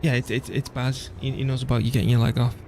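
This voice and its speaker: A man streaming a strategy game, chatting casually and thinking out loud as he plays, laughing easily. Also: mid-range voice, little pitch movement, quick pace, a little hiss or hum. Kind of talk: casual gameplay commentary.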